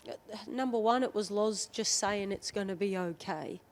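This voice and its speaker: A podcast guest, an Australian woman in her thirties who plays rugby league, shares frank stories at a moderate pace in a mid-range voice. Her retelling is lively and conversational, peppered with what others said.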